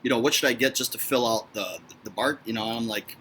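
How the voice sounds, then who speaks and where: A man with a Chicago accent and a bright, forceful voice joins a laid-back whiskey review. He sits at a middle pitch and gushes in a chatty, enthusiastic way. Faint room noise hums underneath. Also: fast talker. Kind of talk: casual tasting review chat.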